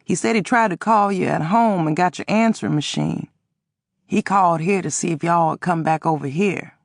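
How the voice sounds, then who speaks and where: A woman's voice: on the low side, moderate pace, no echo, clean studio sound, natural voice. A woman doing a tired, grumbling old father. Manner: grumbling, rambling.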